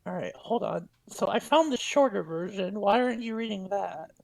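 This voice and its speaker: A woman's voice: mid-range voice, expressive, normal speed, creaky, darkish tone. A young woman chatting casually, reacting with sweary disbelief. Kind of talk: casual chat.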